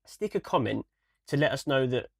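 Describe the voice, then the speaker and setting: A man's voice: medium pitch, lively intonation, normal speed, vocal fry, no room sound. A young man, co-hosting a casual podcast in an easygoing, explaining way. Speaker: podcast co-host. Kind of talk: casual chat.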